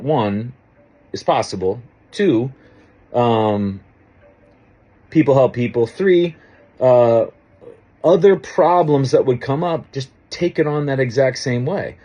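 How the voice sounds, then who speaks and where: A man's voice: mid-range voice, animated, slow pace, warm tone, lo-fi sound. A middle-aged man in a casual, rambling monologue, swearing freely as he tells a story and reflects on it. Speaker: coach and podcast host.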